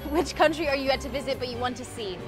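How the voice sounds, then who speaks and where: Bright high-voiced female interviewer. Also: fast talker. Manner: upbeat and encouraging. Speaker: courtside interviewer. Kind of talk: playful quick-fire interview. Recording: interview with music playing behind.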